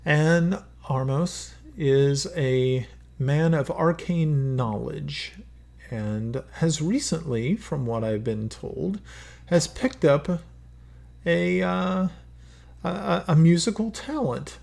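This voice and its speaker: Formal male court advisor, measured, polite; man voicing him. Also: fairly high pitch, gravelly, a little mellow, pitched above the performer's own voice.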